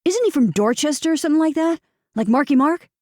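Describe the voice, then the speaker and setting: A woman's voice: sits high, expressive, quick pace, darkish tone, dry recording, clean studio sound, pitched above the performer's own voice. A woman narrator voicing a brash snobbish young man.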